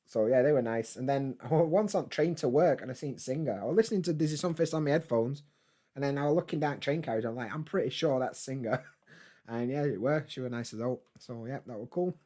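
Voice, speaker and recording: A man chatting casually on a live stream, reading and answering chat comments in a relaxed, swearing, laughing way. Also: medium pitch, fast. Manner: laid-back, chatty, swears freely, laughs often.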